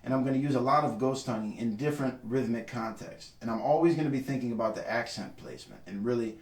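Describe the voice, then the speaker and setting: A man teaches trumpet technique, pausing to sing short syllables that mark the rhythm. His voice sits in the middle range and sounds roomy. He is recorded from a few steps back from the mic. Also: medium pitch, far from the mic. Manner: sings syllables to demonstrate rhythm. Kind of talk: instructional video lesson.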